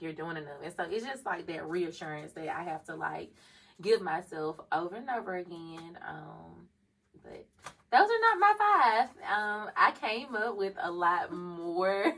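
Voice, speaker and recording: A woman's voice: lowish voice, vocal fry, a bit bright, distant mic, poor audio. A woman co-hosting a casual podcast chat, talking reflectively about herself and laughing often. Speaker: podcast co-host.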